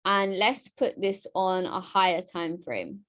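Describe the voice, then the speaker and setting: A woman giving a live-streamed trading lesson, lively and chatty, talking straight to her viewers and often asking "right?". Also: fairly low pitch, slow pace. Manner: talks straight to her chat audience. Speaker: trading educator.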